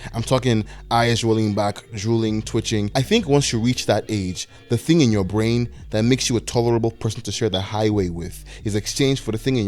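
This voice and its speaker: A man's voice: lowish voice, a little mellow. A 21-year-old man narrating a scripted video essay with wry, self-deprecating, anxious rambling.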